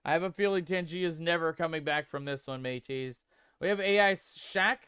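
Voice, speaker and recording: Guy streaming a game, calls chat mateys, smooth clear voice, reads messages out loud. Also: a little high, moderate pace, no room sound, clean studio sound. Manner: playful, jokey, calls viewers "mateys"; reads chat aloud and tests text-to-speech voices.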